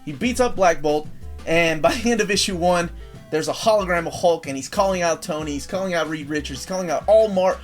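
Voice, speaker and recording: A man with a fairly high voice co-hosts a casual comic-book podcast. He tells the story in an animated way and swears freely. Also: fairly quick, soft background music. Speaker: podcast co-host.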